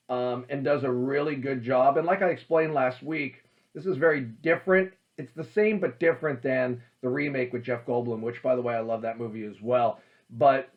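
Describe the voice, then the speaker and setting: A man hosting a casual talk about old horror films, emphatic and animated, with many fillers. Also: mid-range voice, muffled recording. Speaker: host.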